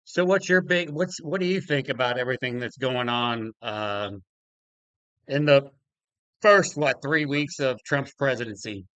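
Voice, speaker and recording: Older man hosting, bright easy voice. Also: medium pitch, unhurried, clear, resonant tone, no echo. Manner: easygoing, chuckling, loose with fillers. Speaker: podcast host taking callers. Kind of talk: casual live-stream chat.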